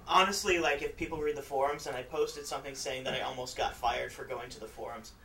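A man speaking off-mic in a podcast studio with a mid-pitched voice. His replies are short, dry and deadpan, and faint background noise sits under his voice. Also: quick pace, gravelly, distant mic, poor audio. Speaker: studio guest. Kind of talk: casual chat.

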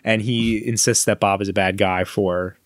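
A man's voice: on the low side, steady tone, normal speed, dry recording, studio quality. A man co-hosting a podcast in casual chat, jokey and teasing. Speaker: podcast co-host.

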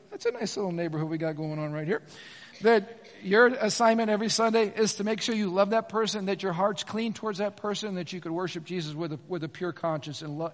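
A middle-aged pastor with a high voice delivers an energetic, conversational sermon, often turning to the congregation with asides. He is recorded in a church sanctuary, where his voice trails off in a long reverb.

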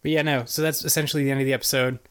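This podcast co-host has a medium-pitched, smooth, slightly bright voice and a flat delivery, talking rapid-fire. He rambles through a recap of a cartoon episode, his casual storytelling packed with "like" and "basically."

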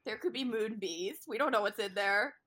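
A woman's voice: medium pitch, normal speed, fairly bright tone. A woman co-hosting a casual chat, riffing in sarcastic, profane rants.

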